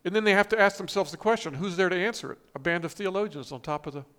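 A man's voice: high-pitched, fast talker, a bit bright. A man preaching a sermon, reading scripture and quotes with emphatic, rising stress and frequent restarts. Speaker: pastor.

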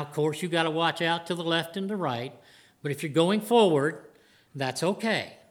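A man's voice: on the high side, fairly bright tone. An older man preaching a sermon to a congregation in an earnest, plain-spoken way. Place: church before a congregation.

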